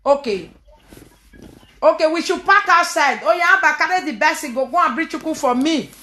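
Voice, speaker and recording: A woman's voice: high voice, expressive, normal speed, bright, forceful tone, echoey room. A woman filming a casual home vlog, coaxing a crying child and laughing often. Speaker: vlogger filming her family.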